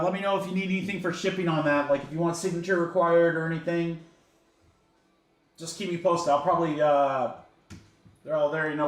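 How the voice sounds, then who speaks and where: Chatty man calling out cards, echoey room. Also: fairly high pitch. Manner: rattles off card names, chatty asides to viewers. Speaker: trading card break host. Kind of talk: casual livestream commentary while opening packs.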